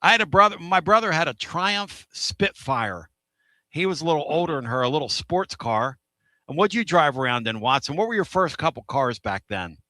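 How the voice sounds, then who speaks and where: Radio host guy, loud and bright, rambly and excited, dry close mic. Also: a little high, moderate pace, dry recording. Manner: energetic, rambling, laughs often. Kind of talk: excitable sports radio chat.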